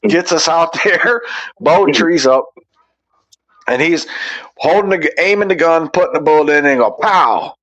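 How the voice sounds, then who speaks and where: A man's voice: on the high side, normal speed, long pauses, fairly bright tone, lo-fi sound. A man as a podcast guest, telling a story with teasing complaints and laughter in a casual chat.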